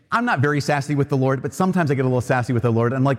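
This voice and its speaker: A man's voice: fairly high pitch, animated, very fast, few pauses. A man giving a homily at Mass, earnest and conversational, often repeating himself as he builds a point. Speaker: priest. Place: cathedral. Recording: long reverb of a large church.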